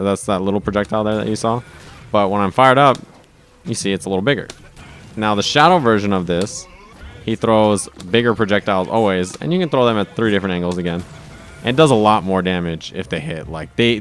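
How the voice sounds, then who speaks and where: A man casually explaining a fighting game character's moves over gameplay, upbeat and full of quick asides and "right?". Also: fairly low pitch. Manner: casual, enthusiastic, frequent "right?" and restarts. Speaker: fighting game video host. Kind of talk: gameplay commentary tutorial.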